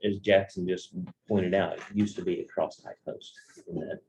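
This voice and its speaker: Man, very low voice, dark and mellow tone, board meeting, plain-spoken, explaining. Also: little pitch movement, moderate pace, slight background noise, rough recording. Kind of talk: formal meeting discussion.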